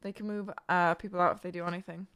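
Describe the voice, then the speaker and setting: An Irish woman livestreamer chats casually with a bright, blunt manner, though her voice is lowish, level, fast, and smooth. She swears heavily and rambles off into asides to her chat.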